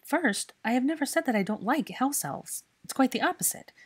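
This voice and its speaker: A woman voicing a young woman who explains her views calmly and patiently. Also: high voice, brisk, breathy edge, voice pushed up. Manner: calm, explaining. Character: young woman, hurt but calm and thoughtful.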